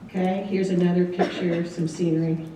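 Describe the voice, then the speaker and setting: Chatty woman presenting slides, warm mellow voice, recorded from afar in a big echoey room. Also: fairly low pitch, little pitch movement, normal speed, a little hiss or hum. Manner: chatty, many ums, light laughs. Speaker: returned missionary giving a slideshow talk. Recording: echoey room, distant mic.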